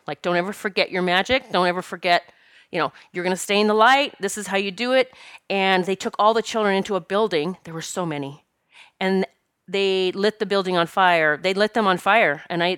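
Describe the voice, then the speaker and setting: A woman's voice: mid-range voice, a bit bright, clear, resonant tone, no room sound, clean studio sound. A woman, a spiritual teacher and medium, telling a personal story earnestly and emotionally, often stopping and restarting her sentences.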